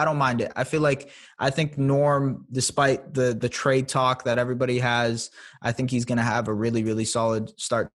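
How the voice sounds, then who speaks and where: A man as a podcast guest, chatting casually with a playful, self-deprecating manner. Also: mid-range voice.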